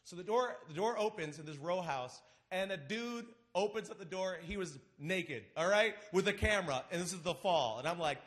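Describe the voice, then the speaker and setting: A man's voice: high-pitched, normal speed, hardly any pauses. A man in his thirties telling a comedic personal story live on a theater stage into a microphone, acting out the voices of his friends. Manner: animated, acts out friends' voices. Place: large theater stage before an audience.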